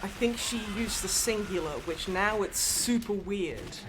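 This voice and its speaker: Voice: medium pitch, unhurried, a crowd in the background, rough recording. A streamer chatting casually on a livestream, laughing often and drifting onto tangents. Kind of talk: casual group chat on a livestream.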